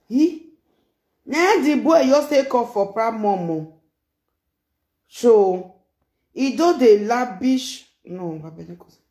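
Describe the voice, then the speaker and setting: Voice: medium pitch, a little mellow. Nigerian accent, casual reaction commentary, exclamatory, repetitive phrasing, echoey room. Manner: exclamatory, repeats phrases, mixes Pidgin and Yoruba. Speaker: social media commentator.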